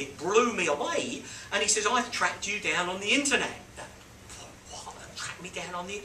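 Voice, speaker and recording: A man with a slightly high voice tells a business story to a small group, acting out voices and sound effects with lively energy. He sounds some distance from the mic in a roomy, echoing space, with steady background noise. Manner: animated, acts out quotes and beeping sounds. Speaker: business mentor. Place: on a boat.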